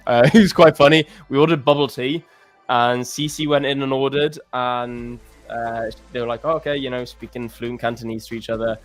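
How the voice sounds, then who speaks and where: A young British man co-hosting a live trading stream in casual chat, animated and laughing often. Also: mid-range voice, moderate pace, soft background music. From Britain.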